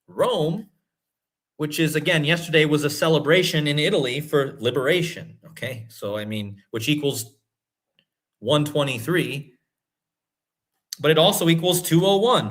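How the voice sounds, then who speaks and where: Homem empolgado comentando numa transmissão ao vivo. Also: male voice, fairly high pitch. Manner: excited, emphatic, repeats himself. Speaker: host. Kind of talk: livestream commentary.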